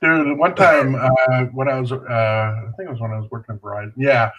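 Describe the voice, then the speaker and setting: A man's voice: medium pitch, brisk, muffled recording. A man co-hosting a casual podcast, telling a story full of swearing and fillers. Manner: profane, animated, many fillers. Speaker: podcast co-host.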